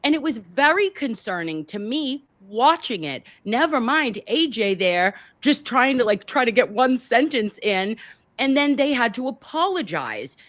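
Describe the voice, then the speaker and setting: A woman hosting a commentary show, talking in an exasperated, animated way with casual slang. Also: fairly high pitch, a little slow, no echo. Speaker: host.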